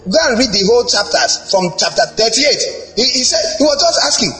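A middle-aged man preaching a lively sermon, animated and playful, teasing the congregation and slipping into mimicry. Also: extremely high pitch, fairly quick, hardly any pauses, faint music behind, low-quality recording.

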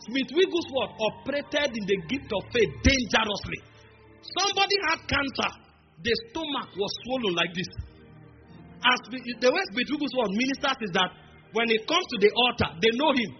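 High-voiced emphatic male preacher. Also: expressive. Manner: emphatic, slows down to stress key phrases, humorous asides. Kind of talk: sermon. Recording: dull lo-fi recording with faint music behind.

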